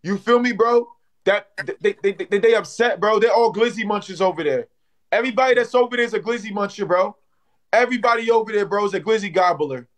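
A young man chatting on a phone livestream, loud and excitable, full of slang and repeated "bro". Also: high voice, a little fast. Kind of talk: casual livestream banter.

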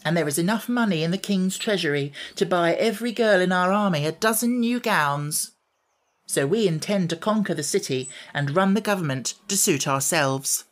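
A man's voice: sits high, animated, moderate pace, voice pushed up. A man reading an audiobook, voicing a bold and scornful young female rebel general.

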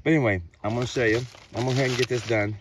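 A man vlogging outdoors in the woods, rambling excitedly and joking as he goes. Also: medium pitch, rapid-fire, background noise. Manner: excited, rambling, talks to mushrooms playfully. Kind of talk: casual outdoor vlog narration.

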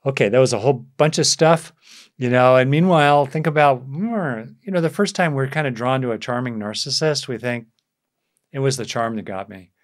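Casting: man as meditation teacher answering questions on a video call, mid-pitched, thoughtful, loose and unscripted. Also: fairly quick. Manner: reflective, conversational, frequent fillers and restarts. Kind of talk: live online talk with questions.

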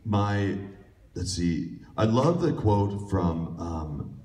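A man's voice: deep voice, expressive, drawn-out words, dark tone. A man, a voice actor, talking casually and jokingly on a convention panel, rambling with lots of fillers. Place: large convention room. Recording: echoey hall recorded from far off.

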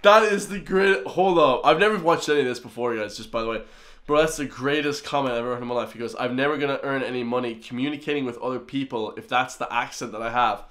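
A young Irish reaction host whose accent carries an American tinge, excitable and full of slang, calling his viewers guys and bro. His voice sits at an ordinary middle pitch for a man. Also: fast. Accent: Irish with an American influence. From Ireland. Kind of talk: reaction commentary.

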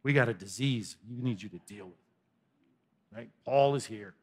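A man voicing a smooth-talking ancient court orator who flatters a governor with gushing, sarcastic praise. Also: mid-range voice, moderate pace, pitched below the performer's own voice, natural voice. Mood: fawning.

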